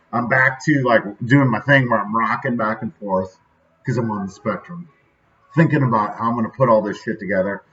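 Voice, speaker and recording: A man of middle pitch tells a story casually, wandering off into asides and circling back. The recording sounds a little dull and lo-fi, like a home podcast setup. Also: fairly bright tone. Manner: rambling storytelling with many asides. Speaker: podcast host. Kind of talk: casual monologue.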